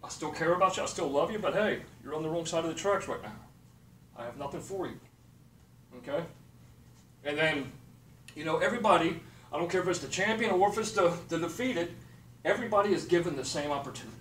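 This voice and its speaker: Man, high voice, blunt and profane motivational rant, recorded from a distance with a faint hiss behind. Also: animated, quick pace, pauses often, a bit bright. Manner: blunt, profane, repeats "okay" and "period". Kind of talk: motivational monologue. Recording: echoey room, distant mic, faint noise.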